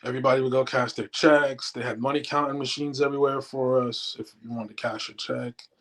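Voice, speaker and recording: A man's voice: medium pitch, fairly quick, low-quality recording. A middle-aged man, a former stockbroker, telling stories as an interview guest and acting out what people said. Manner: animated storyteller acting out quotes. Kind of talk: casual storytelling.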